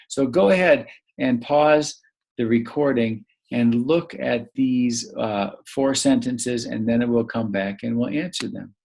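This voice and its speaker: A man teaching a recorded grammar lesson to young children, patient and prompting them to pause and answer. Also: medium pitch, creaky, darkish tone, husky.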